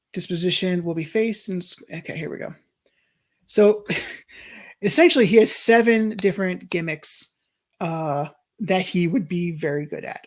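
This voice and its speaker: A young adult streamer in casual let's-play commentary, thinking aloud and chuckling, with frequent restarts while reading chat. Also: mid-range voice. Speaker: streamer playing a wrestling management game.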